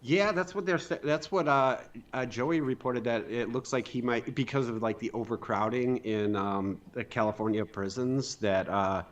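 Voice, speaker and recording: A man as a guest on a casual live stream, talking in halting bursts with restarts and laughs. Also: medium pitch, lo-fi sound.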